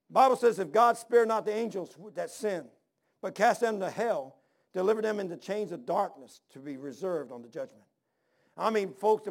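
A man preaching a sermon, reading scripture and telling folksy personal stories with repeated, emphatic phrases. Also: high-pitched.

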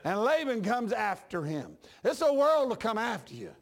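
A man's voice: high-pitched, wildly swooping pitch, moderate pace, vocal fry. A male pastor preaching a sermon, telling folksy stories and acting out the dialogue. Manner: folksy storytelling preacher, acts out dialogue, laughs at his own jokes.

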